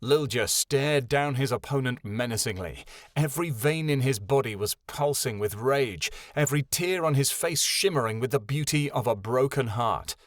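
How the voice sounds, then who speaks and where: A man narrating a fantasy audiobook in a measured, dramatic storytelling way, close to the mic. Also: mid-range voice, no echo. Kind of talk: scripted narration.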